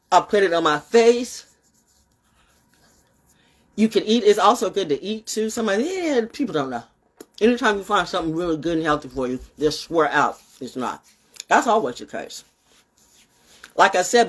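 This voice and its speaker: A woman talking casually to her camera in a rambling monologue, swinging from high exclamations to low muttering and swearing freely. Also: very animated, moderate pace, pauses often, husky. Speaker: vlogger.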